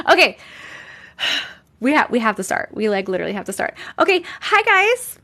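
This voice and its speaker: A woman's voice: on the high side, lively intonation, moderate pace, a bit bright, husky. A woman hosting a live stream, chatting casually with viewers, reading out their comments and laughing often. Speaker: livestream host reading viewer stories.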